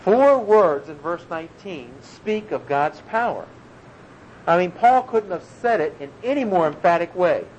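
Earnest preacher man, slightly high voice. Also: expressive, measured pace, a little mellow. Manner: earnest, emphatic expository preaching. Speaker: pastor. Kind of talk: sermon. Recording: dull lo-fi recording with faint room noise.

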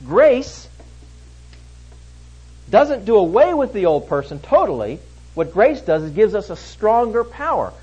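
A man preaching an expository sermon, emphatic, swinging between loud stresses and hushed lines. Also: sits high, very animated, unhurried, long pauses, slightly rough, muffled recording.

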